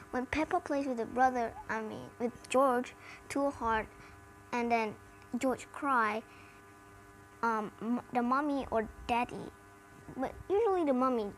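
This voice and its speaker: A woman's voice: a little high, poor audio. A woman with an American accent chatting casually in a review video, rambling with many "like" fillers. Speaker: cartoon reviewer. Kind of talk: casual chat.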